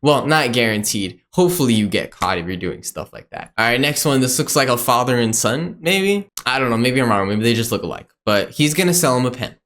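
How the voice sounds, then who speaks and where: A man's voice: medium pitch, animated, a little fast, hardly any pauses, fairly bright tone. A young man hosting a casual reaction video, laid-back and joking, with lots of fillers. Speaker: host.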